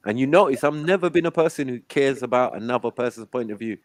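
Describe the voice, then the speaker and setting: A man's voice: mid-range voice, animated, quick pace, no echo. A man with a British accent hosting a live casual chat, blunt and slangy. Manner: blunt, slangy, talks over others.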